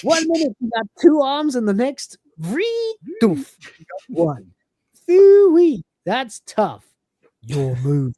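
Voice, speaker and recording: A woman's voice: high-pitched, wildly swooping pitch, slow, warm tone, dry recording, clean studio sound, pitched above the performer's own voice, heavily acted. A woman voicing a vain, thoughtless male humanoid cat who brags in a brash, raised voice. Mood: smug.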